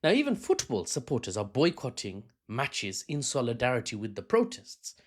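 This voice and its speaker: A man's voice: mid-range voice, wildly swooping pitch, normal speed. A man with a British accent giving an unscripted news analysis vlog, chatty and prone to rambling asides and self-corrections. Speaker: news commentator.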